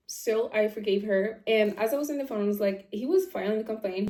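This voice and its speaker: A woman's voice: medium pitch, a little fast, hardly any pauses, dark tone. A woman vlogger telling a story in casual chat, emphatic, saying "like" a lot and laughing as she goes. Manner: chatty and emphatic, often says "like", laughs while telling. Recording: echoey room.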